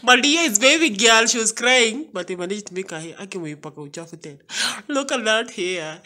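A woman's voice: medium pitch, expressive, fast talker, few pauses, pushed and bright. A woman with a Kenyan accent chatting casually on a home vlog, coaxing her toddler with playful questions. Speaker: mother and vlogger. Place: home, indoors.

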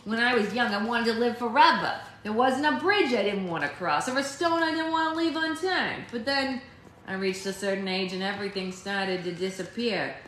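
A woman's voice: fairly high pitch, lively intonation, moderate pace, a bit bright, roomy sound, slight background noise. A woman reading aloud, voicing a wry, worldly old woman who talks in a drawling, salty way. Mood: wistful.

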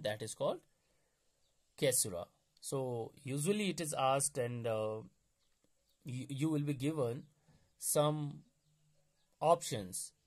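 A man giving an explanatory exam-prep lecture, going over key points methodically and repeating them. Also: a little high.

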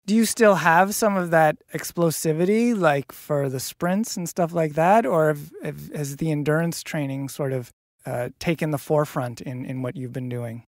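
A podcast host from Canada asking an athlete measured interview questions. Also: medium pitch, no echo, studio quality.

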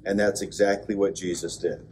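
A man, a pastor, giving a conversational Bible class lecture, with joking asides and bursts of excited emphasis. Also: sits low, moderate pace, slight background noise. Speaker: pastor teaching an adult class. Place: church classroom.

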